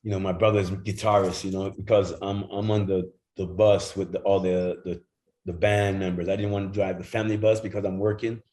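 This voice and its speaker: Low-voiced man telling lively stories. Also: a little fast, rough recording. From Jamaica. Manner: animated, acts out voices in his stories, swears freely, laughs often. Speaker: guest, former football player. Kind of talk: casual storytelling.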